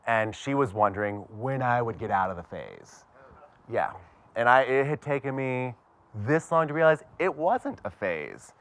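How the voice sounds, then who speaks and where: A man's voice: medium pitch, expressive, a little slow, a bit bright. A man from Pittsburgh telling a personal story to a live audience with wry, self-mocking humor. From Pittsburgh, USA.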